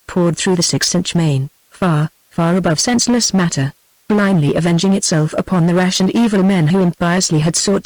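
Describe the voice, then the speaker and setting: A text-to-speech woman's voice with a British English accent, narrating an audiobook in an even, steady way. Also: on the low side, dry recording, low-quality recording. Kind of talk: scripted narration.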